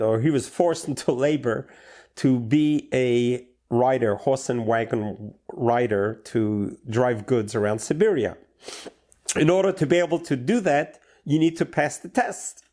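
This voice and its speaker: A rabbi preaching a short sermon, telling a story and drawing a lesson from it in an unhurried storytelling way. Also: male voice, mid-range voice, darkish tone. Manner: unhurried storyteller, slow deliberate delivery.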